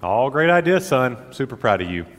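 A man's voice: mid-range voice, a little fast, long reverb tail. A man playing an upbeat encouraging dad. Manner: encouraging, animated. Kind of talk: church skit acting.

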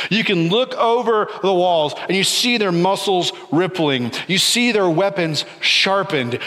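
A man preaches in a big hall, and his voice sits a little high for a man. He rises and drops and slows right down on key words. A long reverb trails after each phrase. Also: sharp tone. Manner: dramatic, rising and falling delivery, slows for emphasis. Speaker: pastor. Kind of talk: sermon.

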